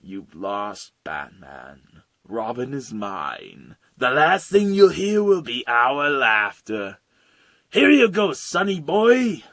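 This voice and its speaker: Man putting on a taunting cartoon clown villain, cackling and gleeful, swings wildly in pitch, dry close sound. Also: very animated, slow, a bit bright, dry recording, heavily acted. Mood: menacing.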